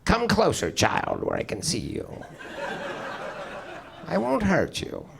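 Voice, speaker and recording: A woman's voice: on the low side, huge pitch swings, takes it slowly, gravelly, noisy background, voice pushed up, heavily acted. A man putting on a menacing cold English mother.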